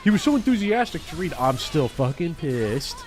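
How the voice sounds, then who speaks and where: A man who works as a teacher, talking casually to his chat while gaming, blunt and heavily profane in an animated rant. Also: on the high side, normal speed, faint music behind. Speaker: teacher streaming a game.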